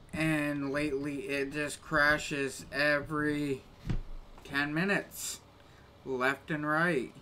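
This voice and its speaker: A man's voice: on the high side, pushed and bright, slight background noise. A man grumbling casually to his live-stream chat while he plays a game, with exasperated little rants.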